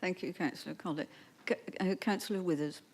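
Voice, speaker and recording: A woman's voice: fairly low pitch, fairly quick, darkish tone, a little hiss or hum. A woman chairing a council meeting, formal and courteous.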